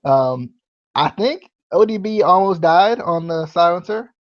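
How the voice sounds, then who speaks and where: This man's high voice is animated and unhurried as he hosts a podcast, casually chatting through wrestling reviews in a rambling, filler-heavy style with easy laughter. The lo-fi recording sounds dull and has no room sound.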